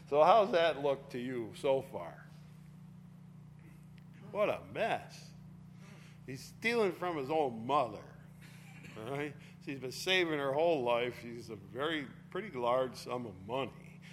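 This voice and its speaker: A man's voice: medium pitch, animated, measured pace, slight background noise. A man teaching a Bible study, explaining a passage in a casual, chatty way with an occasional laugh. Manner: casual explaining, reading scripture aloud with force.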